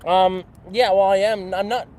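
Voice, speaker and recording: A man's voice: high-pitched, steady tone, moderate pace, darkish tone, slight background noise. Canadian man rambling on a rainy camp livestream. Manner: rambling and self-mocking, with playful "eh" and "bud". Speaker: livestream host. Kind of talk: casual outdoor livestream chat. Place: outdoors at a rainy campsite.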